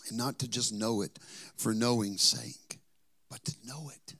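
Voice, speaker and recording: A man preaching as a pastor, telling a story, moving between quiet asides and emphatic points. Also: medium pitch, steady tone, a little slow, gravelly, husky. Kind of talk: sermon with personal storytelling.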